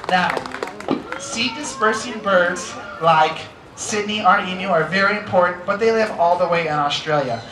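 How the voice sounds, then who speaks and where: An American man presenting a live educational bird show, playful and teasing as he coaxes volunteers. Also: sits high. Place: outdoor amphitheater stage. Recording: roomy live show sound with music.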